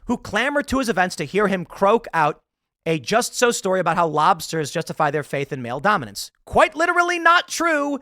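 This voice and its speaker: A man in his thirties delivers a sarcastic, ranting political commentary monologue, scoffing at an article as he reads it aloud. His voice sits fairly high and leaps up and down in pitch. The sound is dry and close, with no room echo. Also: fairly bright tone. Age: 30s. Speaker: commentary show host.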